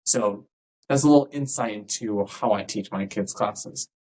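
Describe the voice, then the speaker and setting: A man with a fairly low voice and a moderate pace, recorded at low quality, hosts a casual podcast monologue as a dance instructor. Conversational throughout, he keeps tossing "right?" to his listeners and voices the people he quotes with plenty of energy.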